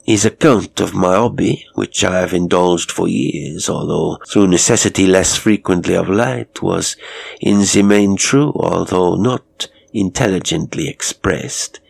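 A man voicing a suave, menacing male murderer who speaks politely, formally and with quiet mockery, with a faint foreign accent. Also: low voice, measured pace, creaky, breathy edge, exaggerated voice. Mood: urbane, mocking. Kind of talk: storytelling.

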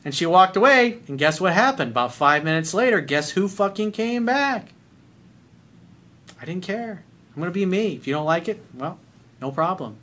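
Profane middle-aged male dating coach, blunt and animated, fairly high voice. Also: moderate pace. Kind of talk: advice monologue.

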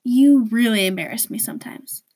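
A woman's voice: on the high side, fairly quick, a little mellow, lightly acted. A woman voicing a bossy, critical teenage girl friend who talks sharply and mockingly.

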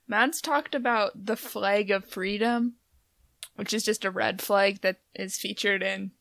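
A woman's voice: medium pitch, steady tone, measured pace, gravelly, a bit bright, no echo. Matter-of-fact woman on a dry call. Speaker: guest. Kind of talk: casual chat. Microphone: video call.

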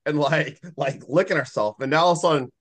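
A man's voice: fairly high pitch, fast talker, a bit bright. A man co-hosting a casual movie podcast, retelling scenes with lots of "like" and acting out characters' lines. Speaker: podcast co-host. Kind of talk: casual movie recap chat.

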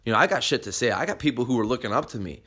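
A man's voice: mid-range voice, lively intonation, rapid-fire, sharp tone, breathy edge. A young man hosting a podcast, talking bluntly and animatedly, swearing freely as he gives motivational advice. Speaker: podcast host.

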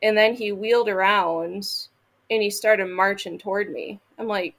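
Appearing as a podcast guest, a woman from Michigan tells a story in a casual, blunt style, swearing frequently and acting out what people said. Her medium-pitched voice has a gravelly fry and a fairly bright tone, and she talks at a normal speed.

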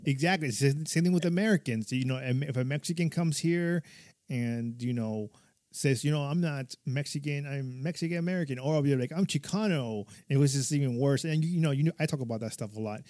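A man's voice: medium pitch, fast talker, a little mellow, dry recording, clean studio sound. Profane, laughing man telling war stories. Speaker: podcast guest or co-host, military veteran. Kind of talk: casual conversation, personal stories.

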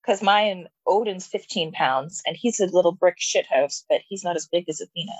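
A woman's voice: lowish voice, normal speed, no echo. A woman co-hosting a casual podcast, chatting loosely and swearing now and then. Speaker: podcast co-host. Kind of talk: casual chat.

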